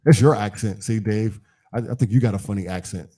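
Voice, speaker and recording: A man's voice: lowish voice, a little fast, warm tone. A man hosting a podcast in casual chat, rambling with many fillers and repeated starts. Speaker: podcast host.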